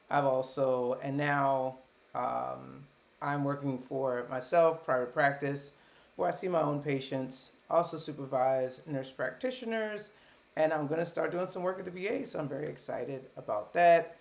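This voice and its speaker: With a slightly mellow bass voice, a Baltimore psychiatrist in her thirties hosts her own live stream. Talking casually into a computer webcam, this woman from the United States keeps cracking jokes at her own expense.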